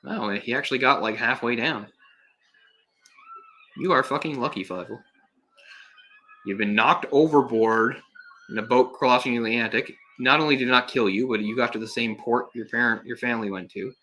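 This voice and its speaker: A man's voice: medium pitch, bright, forceful tone, slight background noise. A young man giving casual, sarcastic live commentary on a film, exasperated and swearing at times. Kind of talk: solo live movie commentary.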